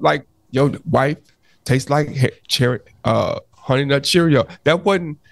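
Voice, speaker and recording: A man's voice: medium pitch, gravelly, dry recording. A man co-hosting a podcast, arguing his point in casual chat, often restarting and cutting in to hold the floor. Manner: animated, restarts often, repeats "hold on" to cut in. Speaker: podcast co-host.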